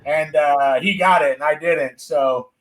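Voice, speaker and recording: A man from Miami, a comedian and actor guest, talking in a loud, playful and profane way. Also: a little high, unhurried. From Miami, Florida. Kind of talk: casual comedic chat.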